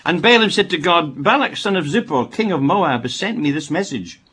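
Man, husky voice, fairly high, lively pitch, reads Bible passages, wry asides. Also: normal speed. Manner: reads scripture aloud, breaks off for wry asides. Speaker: Bible teacher. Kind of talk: Bible reading with commentary.

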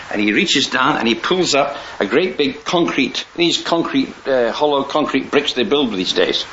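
A man's voice: mid-range voice, expressive, normal speed, sharp tone. A man preaching a sermon in a rambling, conversational way, often restarting his sentences and chuckling now and then. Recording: dull lo-fi recording with faint hiss.

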